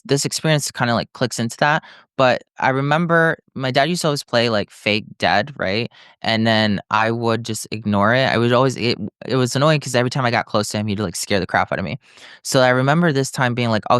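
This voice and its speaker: A man's voice: on the low side, a bit bright, clean tone, no echo, studio quality. A man speaking as a podcast guest, telling his personal story frankly, rambling and full of filler words. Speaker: podcast guest, reiki teacher. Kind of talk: candid personal storytelling in conversation.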